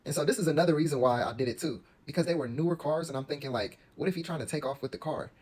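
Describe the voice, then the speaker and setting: A man's voice: on the high side, rapid-fire, darkish tone, breathy edge. A young man telling a story from his own life in a casual, slangy, rambling way, full of asides. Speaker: storyteller vlogger. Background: faint guitar music.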